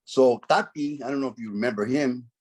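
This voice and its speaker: Husky-voiced streetwise man telling stories. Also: mid-range voice, a little fast. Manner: profane, streetwise, drops in Spanish slang. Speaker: former gang member interviewee. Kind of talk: casual storytelling.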